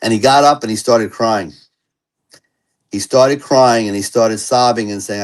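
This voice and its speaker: A man's voice: on the low side, steady tone, unhurried, pauses often, low-quality recording. Earnest man telling his recovery story. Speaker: interview guest. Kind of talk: personal recovery story in an interview.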